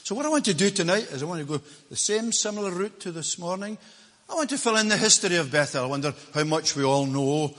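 A man with a Scottish accent, from Lanarkshire, preaching a sermon as a visiting preacher, emphatic and swinging between loud declarations and hushed asides. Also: sits high, expressive, fast talker, big-room sound. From Lanarkshire, Scotland. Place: church.

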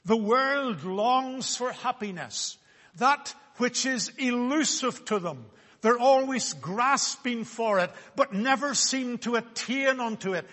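A man preaching a sermon, speaking slowly and deliberately with solemn emphasis on key words. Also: extremely high pitch, animated, a bit bright, in a large hall.

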